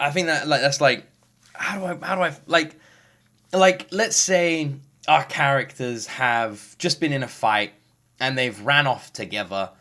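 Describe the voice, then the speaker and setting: A man hosting a music reaction, talking casually and effusively, rambling with halting restarts and some swearing. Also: mid-range voice, sharp tone. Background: game soundtrack playing faintly.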